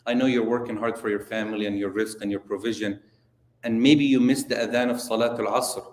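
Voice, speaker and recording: A man voicing a gentle man who politely coaxes someone, in a roomy space. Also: on the low side, steady tone, fairly quick, pitched below the performer's own voice, natural voice. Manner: soft, courteous. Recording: roomy echo.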